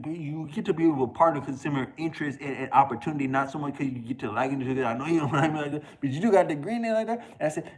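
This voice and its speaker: Rambling slangy man, higher-pitched voice. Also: very fast, darkish tone. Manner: rambling, loose slangy talk with frequent restarts and chuckles. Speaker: video creator. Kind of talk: casual rambling monologue.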